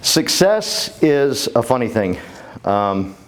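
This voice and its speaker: A man's voice: mid-range voice, very animated, takes it slowly, a little hiss or hum. A man, giving a fervent, joking motivational talk on a conference stage. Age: 50s. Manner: fervent and humorous, talks to the crowd. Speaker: keynote speaker.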